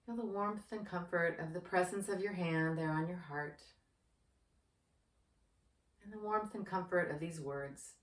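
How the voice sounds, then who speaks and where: A woman who works as a yoga therapist, guiding a breathing practice in a slow, gentle, soothing manner. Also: on the low side. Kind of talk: guided breathing instruction. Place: indoor room with yoga mat. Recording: roomy, distant from the mic.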